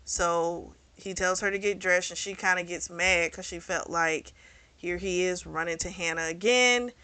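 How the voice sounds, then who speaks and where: Woman book host, bright voice, dry close sound, casual plot recap. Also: on the low side, fairly even intonation, measured pace, clean tone, no echo. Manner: chatty retelling with quoted dialogue.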